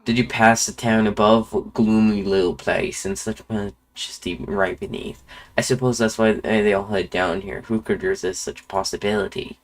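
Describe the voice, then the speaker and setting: A genteel, curious bug explorer from a video game speaks in a put-on Irish accent, as a man reads him aloud. The voice sits fairly low and now and then trips over a word. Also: fairly even intonation, natural voice. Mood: wry. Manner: reading aloud with halting slips. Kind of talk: reading game dialogue aloud.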